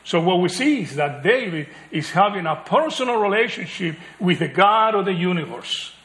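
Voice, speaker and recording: A man preaching a sermon, animated, chuckling and acting out the voices he quotes, then dropping to a hush. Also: sits high, normal speed, reverberant.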